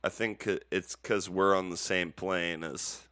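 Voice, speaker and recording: A man's voice: low voice, steady tone, measured pace, pushed and bright, no echo, studio quality. A man hosting a casual podcast, rambling and joking, swearing freely. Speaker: podcast host.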